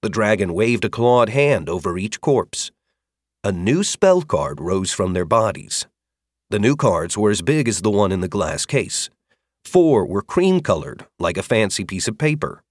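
Expressive male audiobook narrator. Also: a little slow, dry recording. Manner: expressive storytelling, varied pitch. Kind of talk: scripted narration.

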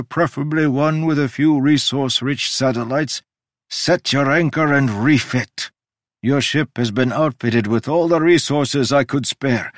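Brief: male narrator doing an ancient jovial god, emphatic and lecturing, mid-pitched, dry close sound. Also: no room sound, close to an everyday voice. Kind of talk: audiobook character reading.

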